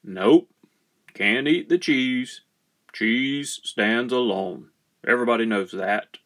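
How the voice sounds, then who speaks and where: A man's voice: medium pitch, takes it slowly, a bit bright. A man voicing a tired, stubborn farmer in a plain, matter-of-fact voice.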